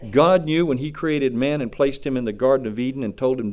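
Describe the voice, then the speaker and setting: A man's voice: mid-range voice, brisk, darkish tone. A man preaching a sermon in a blunt, emphatic way, repeating key phrases for weight.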